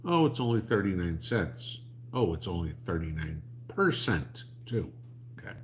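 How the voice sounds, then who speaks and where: A man's voice: sits low, very animated, unhurried, a little hiss or hum. A man, hosting a livestream and answering chat in a blunt, rambling, sarcastic way.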